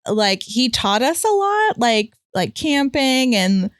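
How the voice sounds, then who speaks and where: Her voice sits on the high side, slow and sing-song, in a studio-quality recording with no room sound. She's a young California woman co-hosting a podcast, rambling through a long personal story with lots of "like" and plenty of swearing.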